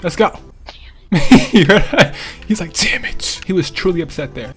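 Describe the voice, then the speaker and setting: A man giving casual gameplay commentary while sniping, excitable and quick to laugh and shout at big plays. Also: on the high side, faint music behind. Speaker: gaming YouTuber.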